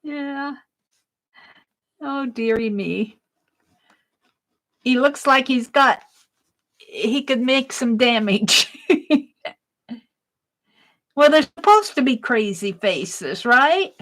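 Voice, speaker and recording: A woman hosting a casual craft livestream, chatting and laughing at her own drawing as she works, sometimes dropping to a soft murmur. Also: high-pitched, lively intonation, very slow, long pauses, low-quality recording.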